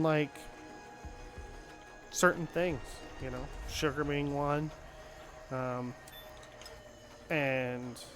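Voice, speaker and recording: A young gaming channel host chats casually while playing, rambling along with plenty of fillers. His voice is fairly high and a bit bright.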